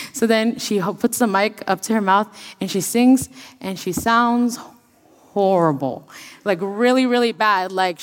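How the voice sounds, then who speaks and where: Young woman, student speaker, lively sermon storytelling, mid pitch, long hall reverb. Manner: lively storytelling, acts out quoted voices. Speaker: student speaker at church service.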